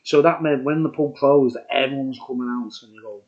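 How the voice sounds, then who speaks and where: A man's voice: mid-range voice, fairly even intonation, fairly quick, creaky, a little mellow. A man in his sixties rambling through a childhood story for his viewers, with digressions and chuckling asides. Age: 60s. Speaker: vlogger. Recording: dull lo-fi recording.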